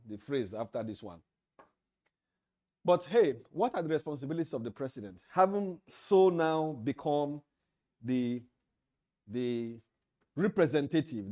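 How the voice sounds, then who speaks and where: A man with a Nigerian English accent delivers a leadership training lecture to officials. His voice is mellow and warm, and he speaks emphatically. He hammers his points home by repeating key phrases. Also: mid-range voice. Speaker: leadership trainer at an association meeting. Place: meeting hall.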